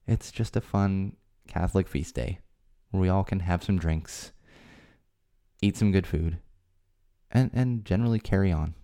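A man hosting a solo podcast, ranting in an exasperated way, his voice climbing high when he gets worked up. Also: measured pace, mellow, clear, resonant tone. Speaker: podcast host. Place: home studio.

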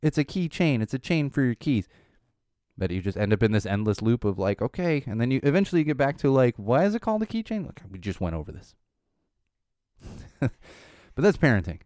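A man in his thirties talking casually about parenting, exasperated, with sudden high-pitched quotes of his young kid. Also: dry recording, clean studio sound. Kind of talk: casual monologue.

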